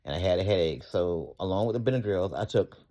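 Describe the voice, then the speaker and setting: A middle-aged man tells his own story in a fervent, folksy, rambling way. His voice sits a little low. He keeps breaking off to give thanks to God. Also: expressive, fast, dark tone. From Atlanta area, US. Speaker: storyteller recounting a personal event. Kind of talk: emotional personal testimony.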